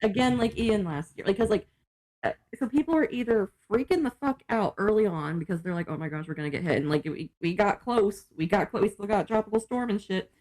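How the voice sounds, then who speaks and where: A woman's voice: medium pitch, animated, a little fast, darkish tone. A woman from Florida, co-hosting a podcast in casual chat, swearing and saying "like" a lot. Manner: chatty, swears, lots of "like". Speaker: podcast co-host.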